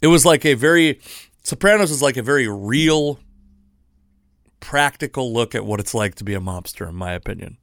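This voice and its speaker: A man's voice: mid-range voice, animated, normal speed, gravelly, fairly bright tone, no echo, studio quality. A man in his thirties hosting a casual solo podcast, rambling with lots of restarts and self-deprecating asides. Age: 30s. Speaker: podcast host.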